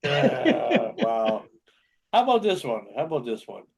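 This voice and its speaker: A man hosting a casual local radio show, chuckling often and reading tongue twisters out slowly. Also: a little high, huge pitch swings, vocal fry, slight background noise.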